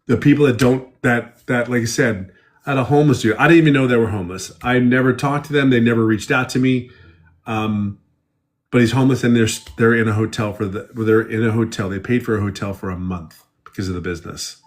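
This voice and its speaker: A man's voice: mid-range voice, steady tone, brisk. A middle-aged man, a guest in a casual live interview, who rambles and repeats himself as he tells stories.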